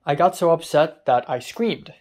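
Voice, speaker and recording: A man's voice: a little high, moderate pace, a little mellow. A young man talking straight to camera in a casual vlog, ranting with frustration and swearing freely. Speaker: vlogger.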